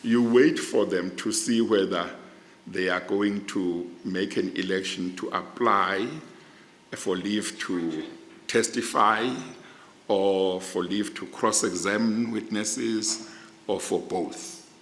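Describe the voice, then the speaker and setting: Middle-aged South African man, interviewee, measured and lowish, in a roomy hall. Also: fairly even intonation, fairly bright tone, a little hiss or hum. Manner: slow, measured, deliberate explanations. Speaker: judicial candidate being interviewed. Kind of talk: formal panel interview. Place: large hearing room. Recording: echoey hall, long reverb.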